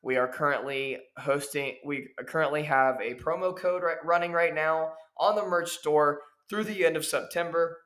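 A man's voice: on the high side, normal speed, few pauses, a bit bright. A man hosting his own podcast as a professional wrestler, lecturing in a heated, preachy way and hammering his points over and over. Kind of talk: ranting solo podcast. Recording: echoey room.

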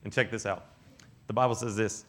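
A young youth speaker preaches a sermon at a youth camp, speaking briskly in a fairly low voice. He tells animated stories, acts out different voices, and laughs often.

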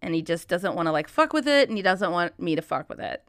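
A woman's voice: lowish voice, big pitch swings, fast, fairly bright tone, dry recording, clean studio sound. A woman in her thirties hosting a podcast, rambling in casual chat, swearing freely and laughing often. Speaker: podcast host.

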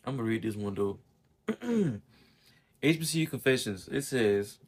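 A man's voice: mid-range voice, big pitch swings, measured pace, pauses often, darkish tone, husky. A laid-back, wry man co-hosting a casual chat and reading posts aloud.

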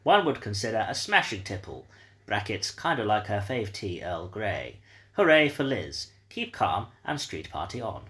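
A man's voice: fairly low pitch, big pitch swings, normal speed, a bit bright. A man putting on a posh upper-class English voice to read out tasting notes on a podcast. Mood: plummy, grand. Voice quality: plummy, pompous.

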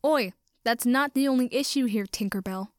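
A woman's voice: medium pitch, moderate pace, no echo, studio quality, natural voice. A woman doing a snarling hothead vampire guy. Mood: snarky. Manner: snappish, rough, cursing. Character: hot-tempered young male vampire, snarling.

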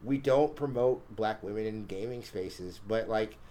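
A man's voice: fairly low pitch, unhurried, mellow. Rambling male podcast host. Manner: rambling, many restarts and fillers. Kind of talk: casual podcast chat.

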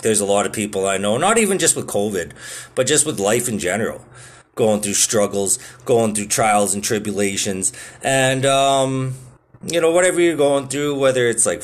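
A man in his thirties telling stories in a casual, rambling monologue, full of swearing and filler words. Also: lowish voice. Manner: laid-back, swears a lot, lots of filler words.

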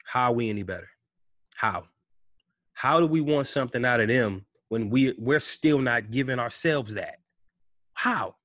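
Man, vlog rant, mid-pitched, heated rhetorical delivery, close dry mic. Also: lively intonation, unhurried, pauses often, no echo. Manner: heated, rhetorical questions, swings between loud outbursts and low mutters. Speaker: vlogger. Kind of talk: impassioned commentary rant.

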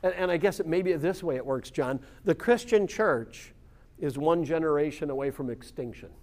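A man with a somewhat high voice teaches an informal Bible class. He explains scripture in a relaxed, conversational way and keeps checking in with his listeners through "right?" and "yeah.". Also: moderate pace. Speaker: Bible study leader.

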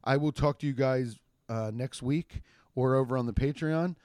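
A man hosting his own comedy podcast alone, rambling in a casual, profane, jokey way with quick asides and restarts. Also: medium pitch, darkish tone, clean tone, no room sound, clean studio sound. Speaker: podcast host and stand-up comedian. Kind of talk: casual solo podcast monologue.

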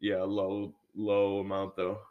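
A man with a very deep, low voice, chatting in a relaxed podcast conversation. He answers offhandedly and without hurry. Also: takes it slowly, phone-quality sound. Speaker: podcast co-host. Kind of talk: casual chat.

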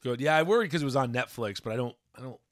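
A man's voice: mid-range voice, animated, very fast, dry recording. A man co-hosting a podcast in casual chat, mostly giving short replies and dry jokes. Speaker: podcast co-host.

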